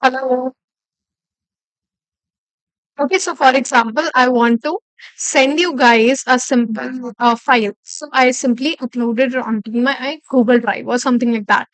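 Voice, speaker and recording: A woman with a high voice teaches a live online class, walking through each point step by step. She repeats key phrases and keeps checking in with "okay". The sound is close and dry, with no room around it. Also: fairly even intonation, unhurried, pauses often, dry recording. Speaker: instructor.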